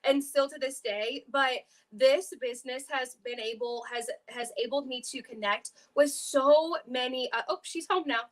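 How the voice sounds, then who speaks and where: An earnest, upbeat young woman speaks over a video call. Her voice sits high, and her talk is warm in spirit but plain in manner. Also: moderate pace, hardly any pauses. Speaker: co-host of a live sales event. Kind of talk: casual live video chat.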